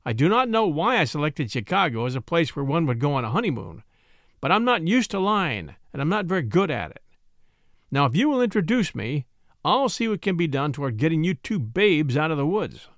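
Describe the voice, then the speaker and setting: A cool city gentleman in a storybook speaks briskly and with easy confidence, as a male narrator puts him on, his voice lively and a little high. The sound is close and dry. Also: no room sound. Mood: assured. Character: suave New York gentleman, cool and self-assured.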